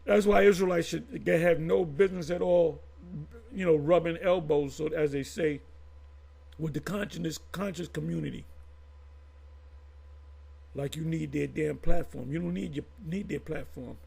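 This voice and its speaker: On his own channel, a man offers casual, unscripted commentary on Bible history, reading sources aloud. His delivery rambles and halts, full of restarts and asides, and he addresses viewers emphatically. His voice is fairly high, creaky and husky, with a darkish tone.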